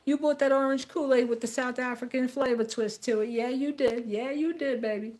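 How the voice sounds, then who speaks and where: Woman putting on a mocking foreigner, taunting, sing-song, cackling, high-pitched. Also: steady tone, a little fast, a little mellow, natural voice. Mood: gloating. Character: gloating foreign mockers, taunting, laughing.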